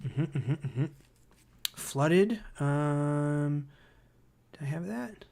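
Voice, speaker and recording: A man hosting a livestream who reads viewer comments aloud and thinks out loud, hesitant and full of fillers, easily excited by ideas. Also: fairly high pitch, very slow, vocal fry. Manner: enthusiastic about ideas. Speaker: livestream host.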